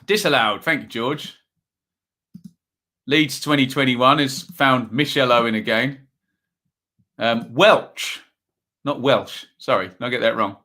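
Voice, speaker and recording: A man's voice: mid-range voice, measured pace, long pauses, bright, forceful tone. A man hosting a live football stream, chatting with viewers and reading out scores, a little tired. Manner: chatty, reads out chat messages and scores. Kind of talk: casual live-stream chat and score updates.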